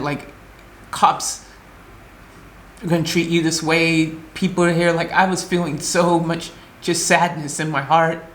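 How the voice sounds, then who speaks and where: Still shaken, a vlogger from the United States relives a distressing incident in an animated, restart-filled retelling, voicing the other people involved. The mid-range voice echoes in the room, and a little background noise comes through.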